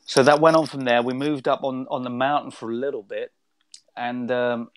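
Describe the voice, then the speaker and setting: A man's voice: mid-range voice, little pitch movement, normal speed, no room sound. A man, a guest telling a long spiritual story in a rambling, conversational way with many restarts.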